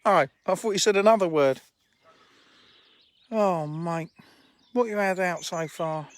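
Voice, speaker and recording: A man's voice: high-pitched, measured pace. A man hosting a casual live stream outdoors by fishing lakes, joking and teasing his viewers and friends.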